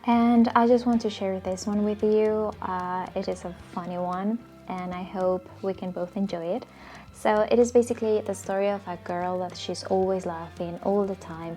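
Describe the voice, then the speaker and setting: A woman's voice: fairly low pitch, mellow. A woman hosting her own channel, casually reading and analyzing poems in a chatty way with fillers and frequent laughs. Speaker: channel host.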